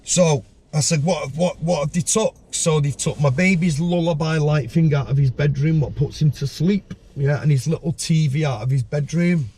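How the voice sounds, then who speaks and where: A man telling a story as a podcast guest, lively and jumping up in pitch when he acts out other people's lines. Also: normal speed, few pauses, breathy edge. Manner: animated storyteller, acts out voices with sudden high pitch.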